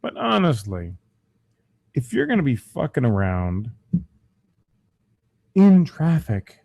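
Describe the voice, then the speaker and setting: A man's voice: medium pitch, slow, creaky, no room sound, clean studio sound. A man hosting a crude comedy podcast, swearing and mocking the news, his voice strained. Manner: profane, mocking, animated. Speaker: podcast host.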